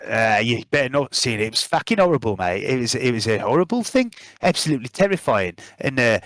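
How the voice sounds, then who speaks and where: A man's voice: medium pitch, big pitch swings, fast talker, fairly bright tone, dry recording. A man voicing a spaced-out, drug-using male carnival worker who rambles and swears in a wobbly Birmingham accent. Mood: rambling.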